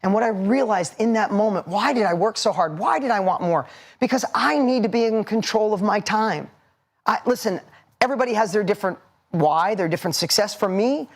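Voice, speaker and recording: A man in his forties giving a motivational seminar talk, punchy and emphatic, hammering points with repetition. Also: sits high. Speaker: motivational speaker.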